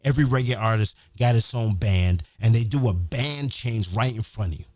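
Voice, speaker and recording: A man hosting a podcast, telling stories in a casual, profane, animated way. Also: on the low side, moderate pace, no room sound. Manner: profane, animated, acts out quotes. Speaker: podcast host. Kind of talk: casual storytelling.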